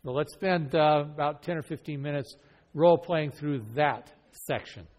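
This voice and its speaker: This man's voice sits on the higher side and sounds slightly mellow, moving at a normal pace. Leading an evangelism training session at church, he earnestly and conversationally poses question after question to the class, using role-play as part of the lesson. A long hall reverb surrounds the sound.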